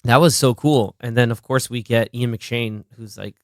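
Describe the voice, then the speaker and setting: A man's voice: mid-range voice, normal speed, dry recording, clean studio sound. A young man hosting a casual podcast, retelling movie scenes with quoted lines and frequent laughter. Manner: animated, laughs often, quotes scenes in voices. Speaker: podcast host.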